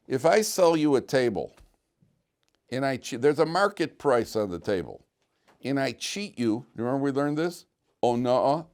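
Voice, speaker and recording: Animated rabbi teaching a casual class. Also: male voice, medium pitch. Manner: conversational, animated, repeats words when thinking. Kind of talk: informal Torah lesson with storytelling. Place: classroom with students.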